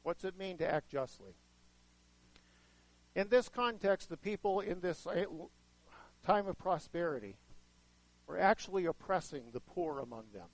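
A man preaching a sermon to a live audience, chatting with them and asking questions, with sudden swings in loudness as he acts out voices. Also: fairly high pitch, no room sound, poor audio. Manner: conversational, asks the audience questions; dramatic shifts in loudness, acts out quoted voices.

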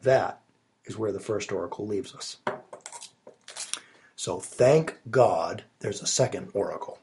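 A man's voice: on the low side, measured pace, warm tone, a little hiss or hum. A man preaching a sermon, recorded alone in his study while he has a cold, earnest and emphatic with rising stresses. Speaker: pastor.

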